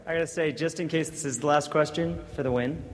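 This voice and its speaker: A man's voice: fairly high pitch, fairly even intonation, fast. A man, a fan at a convention, asking a question with a nervous laugh. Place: large convention hall. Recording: echoey hall.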